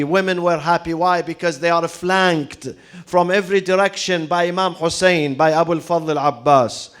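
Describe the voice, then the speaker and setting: A man with a high, clear, resonant voice tells a story during a mourning sermon. His preaching grows dramatic and builds to loud lamenting cries, with recited Arabic woven into his English.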